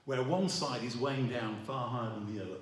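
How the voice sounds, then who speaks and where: A middle-aged man preaching a sermon. He talks in a halting way, restarting his sentences and filling pauses with ums. His voice is heard from some distance and rings around a very reverberant church hall. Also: medium pitch. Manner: halting, with many restarts and fillers. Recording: roomy echo, voice from afar.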